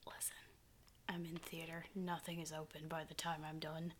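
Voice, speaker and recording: A woman co-hosting a podcast in whispered ASMR style, throwing in quick deadpan quips from a dorm room floor. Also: sits low. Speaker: podcast co-host.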